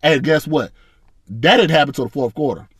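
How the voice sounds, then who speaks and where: A man's voice: fairly high pitch, expressive, moderate pace, fairly bright tone, husky, dry recording. Profane frustrated male sports fan. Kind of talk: casual fan reaction rant.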